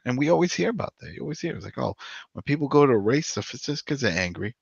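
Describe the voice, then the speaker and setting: A man co-hosting a podcast in casual discussion, rambling and animated, with frequent "you know". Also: mid-range voice, quick pace, creaky, slightly rough, no room sound. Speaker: podcast co-host. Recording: dull lo-fi dry sound.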